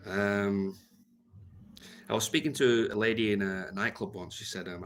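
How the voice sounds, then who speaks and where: A man's voice: lowish voice, moderate pace, pauses often. Rambling man on a livestream. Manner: meandering and deadpan, heavy with fillers. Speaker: live streamer. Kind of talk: rambling live-stream chat.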